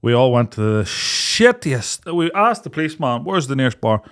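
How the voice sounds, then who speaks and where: With a clear, resonant, slightly bright mid-range voice, the young Irish co-host speaks at normal speed and is very animated. He recounts a night out casually, cursing freely, performing quotes, and breaking into laughter.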